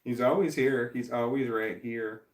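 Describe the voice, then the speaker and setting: A man's voice: medium pitch, moderate pace. Middle-aged man, from Missouri, rambling live-stream chat, self-deprecating, droning, echoey room. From Missouri, USA. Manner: rambling, self-deprecating, frequent restarts, drones on. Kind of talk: casual live stream chat reading comments.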